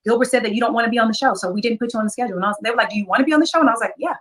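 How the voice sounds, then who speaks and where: Fast-talking woman telling a story. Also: on the high side, a bit bright. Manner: rapid, retelling conversations. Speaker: podcast guest. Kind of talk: casual storytelling.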